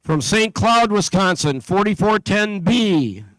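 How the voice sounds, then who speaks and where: A man's voice: sits high, expressive, slow, a bit bright, no echo, poor audio. A man announcing competing teams at an event, reading a list steadily with small slips and asides. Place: event venue.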